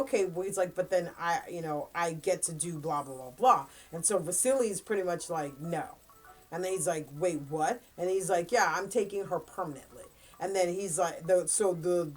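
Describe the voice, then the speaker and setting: Lady book reviewer with a low-ish voice, rambling thru the plot, lots of ums and likes. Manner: rambling plot retelling full of fillers and quick quoted asides. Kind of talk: casual book review chat.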